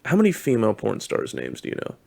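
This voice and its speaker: Young male podcast co-host: low, gravelly, lively delivery, blunt and profane. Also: quick pace. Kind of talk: crude casual chat.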